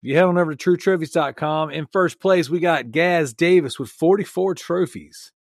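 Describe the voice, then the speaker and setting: A man's voice: fairly high pitch, moderate pace, no room sound, studio quality. Teasing man on a podcast mic. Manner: teasing, loose and joking. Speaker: podcast co-host. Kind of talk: casual podcast banter.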